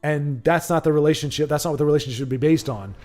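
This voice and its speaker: A young livestream host with a slightly mellow, higher-side voice talks quickly. Streaming a card game, he chats casually with viewers, rambling and often restarting his sentences.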